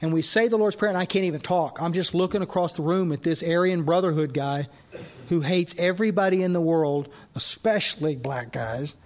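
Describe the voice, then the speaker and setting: A man giving a recovery talk at a workshop, telling a story with quoted dialogue, many restarts and an animated delivery. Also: a little high, a little fast. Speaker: AA speaker and sponsor. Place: workshop hall.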